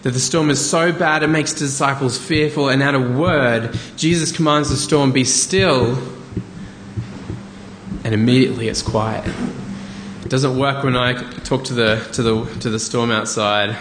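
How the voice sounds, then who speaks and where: A man delivers a sermon in an easygoing, conversational way, breaking off for quick asides. His mid-pitched voice rings out in a reverberant hall. Faint ambient noise sits underneath. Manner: conversational, animated preaching with asides. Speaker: pastor.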